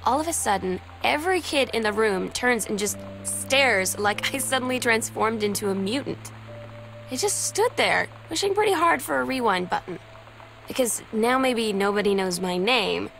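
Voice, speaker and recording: A woman's voice: mid-range voice, lively intonation, moderate pace, vocal fry, a bit bright. An actress voicing a teenage girl who narrates her diary in a wry, uneasy way, with faint music behind her. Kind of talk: game voice-over narration.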